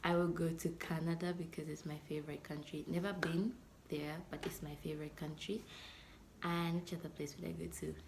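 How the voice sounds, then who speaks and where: A young woman from Zambia in her twenties talks casually to camera in a vlog, playful and chatty. Her lowish voice has a gravelly edge and often drops to a near-whisper. A faint hiss sits under the recording. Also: little pitch movement, fairly quick. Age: 20s. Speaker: vlogger.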